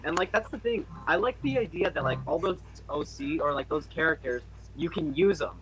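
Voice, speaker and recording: A man's voice: a little high, expressive, fairly quick, a loud crowd, rough recording. A young man chatting casually on a group call, rambling with lots of fillers and restarts. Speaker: channel host.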